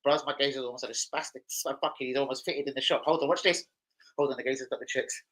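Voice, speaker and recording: A man's voice: mid-range voice, flat delivery, very fast, fairly bright tone, low-quality recording. A young man hosting a football livestream, rambling through sweary anecdotes in casual chat. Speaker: football channel host.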